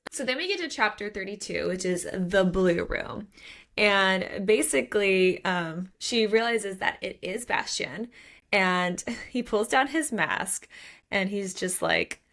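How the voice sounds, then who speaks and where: Woman podcast co-host, fry in the voice, lively book-chat delivery. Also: mid-range voice, takes it slowly. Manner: animated, reads quotes aloud with laughs.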